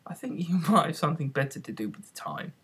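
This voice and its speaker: A reader voicing a polite, curious young girl in an earnest, high voice, in an amateur audiobook. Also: lively intonation, fast talker, fairly bright tone, slightly rough.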